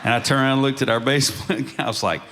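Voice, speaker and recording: A man telling lively stories as a panel guest on a museum stage, often laughing as he gets to the punchline. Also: medium pitch, fast, very noisy. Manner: storytelling, laughs through punchlines. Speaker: panel guest, country singer. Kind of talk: animated anecdote telling.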